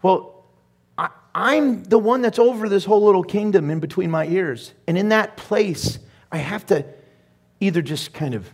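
A man's voice: high-pitched, normal speed, a little mellow, slightly rough. A middle-aged male pastor preaching a sermon in a conversational way, with laughing asides and growing emphasis.

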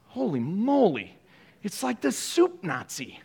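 A man's voice: high voice, big pitch swings, slow, vocal fry, pauses often, a bit bright, slightly rough. A man preaching a sermon as pastor at a church service, joking through it with sarcastic, playful asides.

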